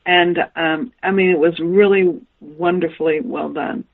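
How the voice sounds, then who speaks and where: A woman guest author with a lowish, fairly even voice speaks unhurriedly over what sounds like a phone line. In this radio interview she tells anecdotes and acts out the dialogue she quotes.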